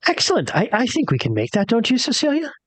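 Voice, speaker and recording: A woman's voice: a little high, wildly swooping pitch, fast, no echo. A woman playing her character in a tabletop game, polite and flustered, stammering through thanks. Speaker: player. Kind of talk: in-character tabletop role-play.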